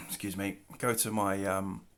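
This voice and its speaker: Low gravelly-voiced man, relaxed. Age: middle-aged. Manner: relaxed, rambling, self-deprecating asides. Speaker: artist showing his work. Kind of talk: casual show-and-tell narration. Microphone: camera mic, handling artwork.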